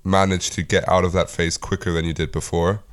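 A man's voice: deep voice, level tone, fairly quick. A young man co-hosting a casual podcast, reflective and searching for his words as he talks. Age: young adult. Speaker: podcast co-host. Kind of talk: casual chat.

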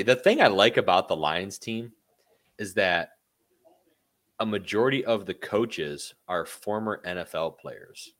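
A man from Michigan co-hosting a podcast, chatting in a relaxed, enthusiastic way. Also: low voice. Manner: relaxed and enthusiastic, keeps saying "dude". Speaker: podcast co-host. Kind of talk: casual chat.

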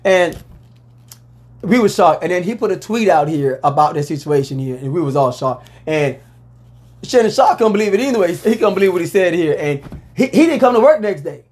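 A man hosting a casual sports talk show, talking in a loose, rambling way and letting out loud whoops. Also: a little high, lively intonation, moderate pace.

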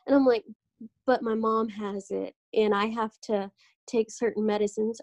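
A young woman hosting a casual podcast chat, telling animated stories and acting out what doctors said to her. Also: on the high side, moderate pace, dry recording. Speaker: podcast host.

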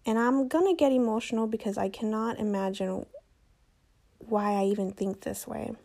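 A woman's voice: fairly high pitch, normal speed, vocal fry, dark tone. A young woman hosting a solo podcast, talking casually, joking and correcting herself as she goes. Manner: chatty, self-correcting, joking. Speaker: podcast host.

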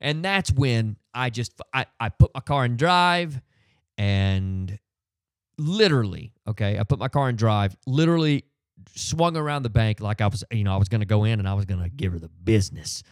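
A middle-aged man hosting a podcast, telling a story in a profane, animated casual rant full of fillers. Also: lowish voice, normal speed, no echo, studio quality. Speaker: podcast host. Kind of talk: ranting casual monologue.

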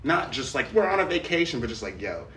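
A man's voice: a little high, very animated, fast talker, a bit bright, roomy sound, distant mic, slight background noise. A young man in casual chat with a friend, talking in loose, slangy banter that sometimes sinks to a mumble.

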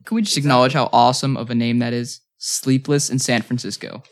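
A man co-hosting a casual group podcast, animated and quick to react. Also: mid-range voice. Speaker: podcast co-host.

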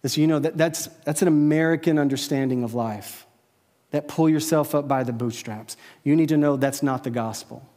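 A man preaching a sermon to a church congregation in a conversational way, often checking in with his listeners with a quick "right?". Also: fairly high pitch, dark tone, big-room sound. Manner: conversational, peppered with "right?" tag questions. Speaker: pastor. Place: church service with a live audience.

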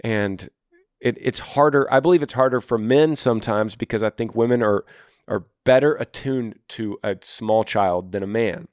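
A man's voice: on the low side, normal speed, a little mellow, no echo, clean studio sound. A man hosting a podcast, giving earnest, encouraging advice to a listener and repeating his key phrases. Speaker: podcast host. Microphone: studio microphone.

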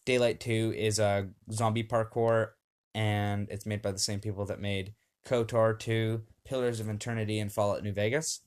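A man's voice: fairly low pitch, flat delivery, normal speed, darkish tone, clean tone. A young man hosting a casual home podcast, upbeat and rambling, with many fillers, reading lists off a screen. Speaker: podcast host.

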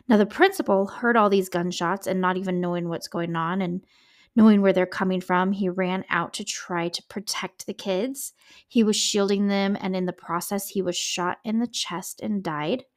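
A woman hosting a true-crime podcast, telling a case in a chatty, emotional way with frank asides and the odd curse. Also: medium pitch. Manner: chatty, emotional asides, swears when upset. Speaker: podcast host.

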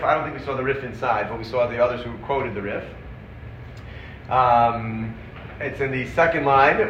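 A man teaching a Torah class, animated and quick, acting out the sources he quotes. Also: a little high. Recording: roomy, dull audio with faint background noise.

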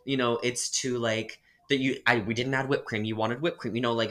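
A man co-hosting a casual podcast chat, telling a customer service story with animated, exasperated emphasis. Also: mid-range voice, moderate pace, few pauses. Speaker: podcast co-host.

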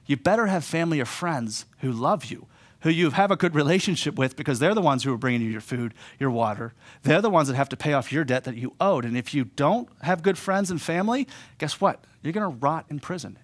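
A middle-aged man preaching a sermon in an animated way, rising loud then dropping soft for emphasis. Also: on the high side. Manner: animated preaching, voicing quoted speakers, drops to soft emphasis. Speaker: pastor.

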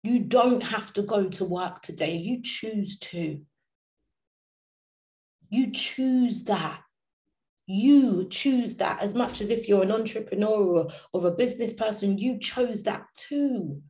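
A woman's voice: medium pitch, moderate pace, hardly any pauses, a little mellow. A woman giving an inspirational talk, passionate and slangy, driving her points home with repetition. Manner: passionate, slangy, repeats phrases for emphasis.

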